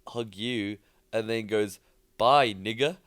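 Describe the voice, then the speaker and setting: A teenage boy, co-hosting a podcast and telling a story in an animated, sweary way, laughing often. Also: fairly low pitch, takes it slowly. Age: teens. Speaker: podcast co-host. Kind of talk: casual storytelling chat.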